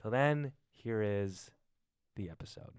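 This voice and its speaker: A male podcast host giving an energetic, playful solo intro from his home garage. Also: fairly low pitch, slow, clean tone, no echo. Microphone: studio microphone through a mixer.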